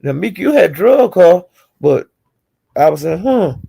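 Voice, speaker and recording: Gravelly-voiced woman spilling gossip. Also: fairly low pitch, very animated, measured pace, dark tone. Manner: chatty retelling, acting out quotes, chuckling. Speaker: streamer recapping online drama. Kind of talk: casual gossip storytelling.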